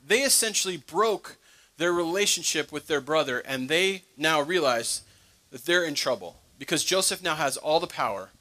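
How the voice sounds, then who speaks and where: A man's voice: a little high, pushed and bright. A young adult man, a pastor, preaching a conversational sermon with joking asides to his congregation.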